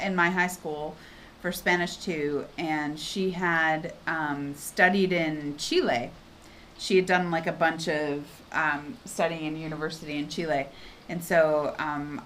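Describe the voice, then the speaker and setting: A woman co-hosting a casual livestream, chatting and telling stories in an animated way. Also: sits low, a little hiss or hum. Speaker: livestream co-host.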